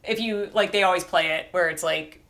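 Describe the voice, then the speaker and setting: A woman's voice: lowish voice, a little fast, a bit bright. A young woman chatting casually on a podcast, full of "like", laughing often and acting out quotes from movies. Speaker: podcast co-host. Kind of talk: casual chat.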